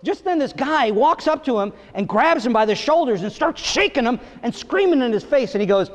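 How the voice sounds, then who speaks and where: Middle-aged comedian guy from long island, high animated voice, live stand-up on a big echoey stage. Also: a little fast. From Long Island, New York. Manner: lively storytelling, acting out voices. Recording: long reverb of a theater.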